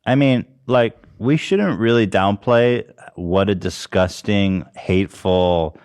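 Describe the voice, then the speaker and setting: A man with a fairly low voice talks on a casual podcast. He leans into sarcasm and mocking asides. The sound is dry and close. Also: slow pace, a little mellow, clean tone, no room sound. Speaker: podcast co-host. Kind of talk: casual comedic podcast chat.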